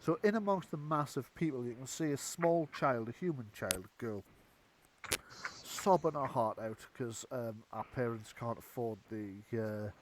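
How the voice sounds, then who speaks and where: A man's voice: medium pitch, unhurried. A man running a tabletop game as game master, chatty and rambling, often correcting himself. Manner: chatty, rambling, lots of fillers and self-corrections. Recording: background hiss.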